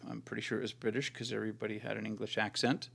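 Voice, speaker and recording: A man's voice: lowish voice, level tone, racing, creaky, fairly bright tone, slightly rough. A man co-hosting a podcast, chatting casually about movies in a rambling, sarcastic way with plenty of swearing. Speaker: podcast co-host. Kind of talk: casual movie review chat.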